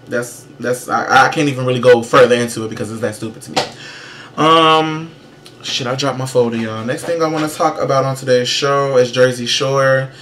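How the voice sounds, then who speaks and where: A man's voice: mid-range voice, steady tone, moderate pace. Man, sassy profane host, emphatic gossip commentary, faint background hiss. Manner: brash shout-outs and gossip. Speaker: show host. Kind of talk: casual pop-culture commentary.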